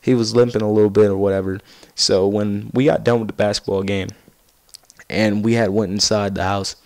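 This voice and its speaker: A teenage boy doing casual gaming commentary, rambling through a story and getting loud and excited as he laughs at it. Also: fairly low pitch, brisk, no room sound. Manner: rambling, gets loud and excited while laughing at his own stories. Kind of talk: casual storytelling over gameplay.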